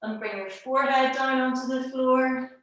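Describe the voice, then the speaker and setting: A woman teaching a live online pilates class from home over a video call, calmly giving cues and counting down holds, a little out of breath. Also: high voice, normal speed. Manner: calm instructing, counting holds aloud. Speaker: pilates instructor. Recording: echoey room, distant mic.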